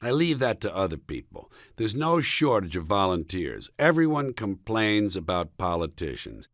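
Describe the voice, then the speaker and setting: A man from the United States reads his own comic book in a studio. His delivery is sardonic and mocking, and he jabs home each punchline. His pitch swings widely from line to line, and the recording is close and dry. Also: very animated, moderate pace, a bit bright, no room sound. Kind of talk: comic audiobook reading.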